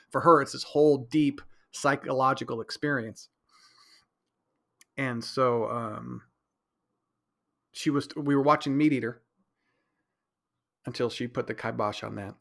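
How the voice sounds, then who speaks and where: A man's voice: mid-range voice, fairly even intonation, normal speed, gravelly, pauses often, fairly bright tone. A man hosting a casual solo podcast, rambling and correcting himself, with a slightly stuffy nose. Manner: rambling, self-interrupting, mimics others in raised voice. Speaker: podcast host.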